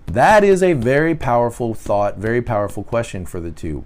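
A man talks through a faith-based self-help podcast as a reflective monologue. His pitch swings widely as he goes. He repeats questions aloud and fills pauses with "uh" and "you know". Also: expressive. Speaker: podcast host.

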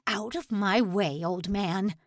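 A woman's voice: mid-range voice, lively intonation, slow, no echo. A cruel male prison camp officer in a grim audiobook, put on by a woman narrator. He snarls and mocks his captives with open contempt. The read is close and dry, with no room sound. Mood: snarling.

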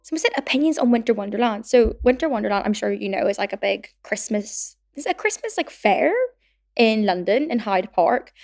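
A woman in her twenties from Northern Ireland, with a Belfast accent, hosts a chatty podcast, peppering her talk with "like" and acting out quotes in her stories. Her mid-range voice is brisk and darkish with lively intonation, over soft background music.

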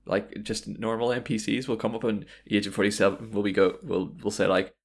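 A man with a deep, gravelly voice chatting casually about games. He rambles along, restarting sentences and filling pauses as he goes. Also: level tone. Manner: rambling, many fillers and restarts.

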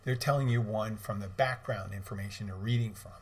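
Middle-aged man, podcast host, low-pitched, rambling casual storytelling, lots of restarts. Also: fairly quick. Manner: rambling, with many restarts and asides.

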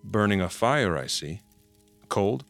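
A man's voice: on the low side, lively intonation, slow pace, creaky, a bit bright, no echo, soft background music, heavily acted. A man playing a needling police detective. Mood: probing. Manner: pointed, insinuating questions, dry irony. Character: probing police detective questioning a suspect. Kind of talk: true-crime dramatized reenactment.

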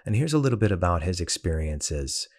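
A man's voice: low-pitched, big pitch swings, brisk, a little mellow, no echo, studio quality. A man hosting a horror-film podcast, talking in a conversational, thoughtful way with some filler words. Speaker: podcast host. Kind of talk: solo horror-film talk.

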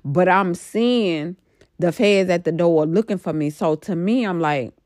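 Slow, low-voiced middle-aged woman rambling. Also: darkish tone, no room sound, clean studio sound. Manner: rambling, emphatic, lots of fillers. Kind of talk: casual storytelling about a dream.

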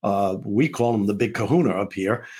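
A man with a slightly rough, husky voice, talking as a guest in an interview. He tells a story with comic timing and jumps in and out of the voices of the people in it, laughing along the way. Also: on the low side, moderate pace, a little mellow. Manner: acts out dialogue between characters, laughing often. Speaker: guest author and comedian.

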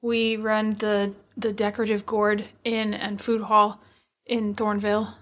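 A woman's voice: medium pitch, completely flat delivery, measured pace, fairly bright tone. A woman playing a tabletop game, asking curious questions casually. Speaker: player.

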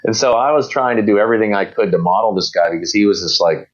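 A man's voice: on the low side, fast talker, highs cut off. A man being interviewed, telling long anecdotes in a casual, rambling way, with many fillers and restarts and quoted voices of other people. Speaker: guest.

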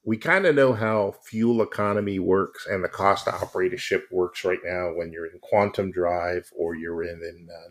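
Deep voiced dude on a podcast, kinda rambly, pokes fun at himself. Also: male voice. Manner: rambling, questioning, self-mocking. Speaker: podcast co-host. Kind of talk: casual podcast chat.

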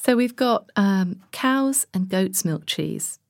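A woman's voice: mid-range voice, lively intonation, slow, gravelly, dry recording. A woman on a podcast team chatting in a studio, enthusiastic as she describes her reporting trips. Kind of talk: casual chat.

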